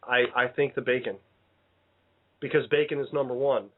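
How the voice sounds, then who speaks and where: A man's voice: mid-range voice, steady tone, moderate pace. A man hosting a casual radio show, rambling and playful, often cutting himself off mid-sentence. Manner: rambling, self-interrupting, playful. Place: radio studio. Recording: tinny phone-like sound.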